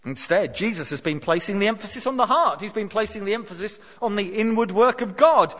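A man preaching a sermon, emphatic and expressive, dropping his voice low for dramatic lines. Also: brisk. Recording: dull sound with long hall reverb.

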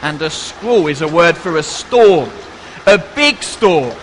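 Man, children's church talk, high voice, unhurried, playful and coaxing, long hall reverb. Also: lively intonation, a little hiss or hum. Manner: playful, coaxing the audience to join in. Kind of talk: interactive children's Bible talk.

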